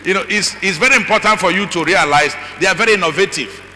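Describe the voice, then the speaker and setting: A middle-aged man speaking as a conference speaker, animated and acting out voices with asides to the audience. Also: high voice, fast talker. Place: large conference hall. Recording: long hall reverb, faint noise.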